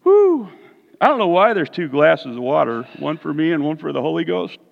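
A man preaching a lively, humorous sermon in a church sanctuary, his voice swooping up and down as he tells a story. The sound is dull and muffled, with long reverb from a large hall. He keeps turning to the congregation with questions. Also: a little high, normal speed, gravelly. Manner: playful, animated, talks to the congregation.

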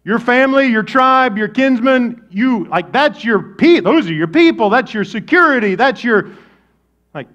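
A man preaching a sermon as pastor, conversational and animated, swinging between loud bursts and soft, low asides. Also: a little slow, dull audio.

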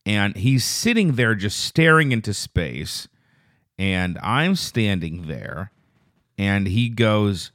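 A man with a lowish voice talks alone into a dry, close mic, unspooling a long, profane anecdote. He drifts and restarts, then jumps up in pitch and speed whenever something outrages him. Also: animated, no echo. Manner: rambling, profane storytelling; grows loud and fast when indignant. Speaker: podcast host. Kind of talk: casual solo podcast monologue.

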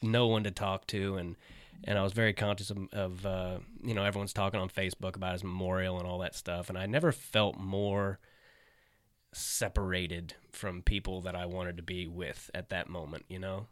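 A middle-aged comedian tells a story in loose, casual chat, his voice sitting on the lower side. He swears freely and perks up when he acts out what his friends said. The sound is close and dry, with no room around it. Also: normal speed, no room sound. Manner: laid-back, swears, animated when quoting friends. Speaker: stand-up comedian.

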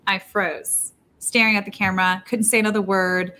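A woman guest telling a story in a casual, animated way, jumping up in pitch when she acts out quotes and talking fast with many restarts. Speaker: poker player.

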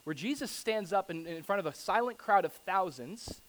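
Pastor, male, high voice, emphatic sermon delivery that swells from hushed to loud, rhetorical questions. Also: expressive, normal speed. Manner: builds from quiet to loud and urgent, rhetorical questions; emphatic preaching, quotes scripture.

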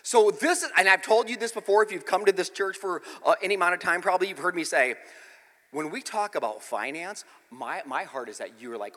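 A man's voice: high voice, brisk, big-room sound. A middle-aged man preaching, a pastor telling a funny family story and joking with his congregation. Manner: animated, exclaiming, self-mocking humor. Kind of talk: comedic storytelling sermon. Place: church.

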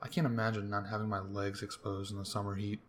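Young male podcast host, lowish voice, loose profane rambling rants, faint background hiss. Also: level tone, fast. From US East Coast. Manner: rambling, profane, jokey rants with sudden jumps in pitch. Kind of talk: casual solo rambling monologue.

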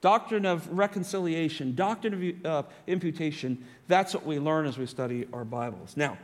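A man's voice: fairly high pitch, normal speed, long reverb tail. A pastor preaching a sermon in an earnest, pleading way, often laughing as he speaks.

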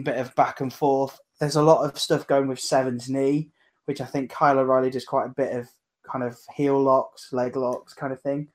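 A man recapping matches in casual chat, hesitant with many pauses and ums. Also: mid-range voice, a little mellow. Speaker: podcast co-host.

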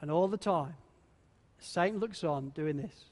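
A male pastor preaching a sermon, telling a story and swinging between hushed and loud for emphasis. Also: fairly high pitch, unhurried, background noise. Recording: long reverb of a large hall.

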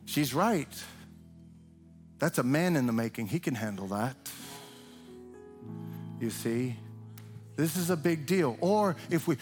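An older man preaching a sermon in a loose, conversational way, who breaks into shrill mimicry when imitating cheering parents. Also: animated, slow pace, pauses often, darkish tone, soft background music. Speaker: pastor. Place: church sanctuary.

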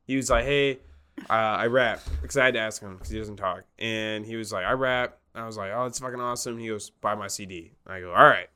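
A man's voice: lowish voice, a little fast, bright, forceful tone, smooth. A young man co-hosting a podcast, telling a story in casual chat, swearing often and laughing as he goes. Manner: swears a lot, laughs while telling stories. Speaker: podcast co-host.

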